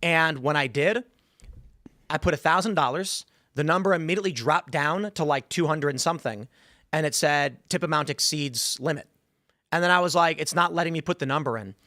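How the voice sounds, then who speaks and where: A male host with a somewhat high voice rambles through a story and slips into the voices of the people in it. He talks fast at times. The sound is dry and close, with no room around it. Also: pushed and bright, no echo. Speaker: show host. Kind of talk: casual studio chat. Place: studio.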